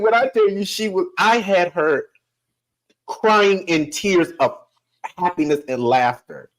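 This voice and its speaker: A man guests on a podcast and tells a family story with lots of laughter. His voice sits a bit high for a man. His pitch swings widely as he slips into other people's voices. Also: poor audio. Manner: animated, laughs often, acts out voices. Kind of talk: casual storytelling.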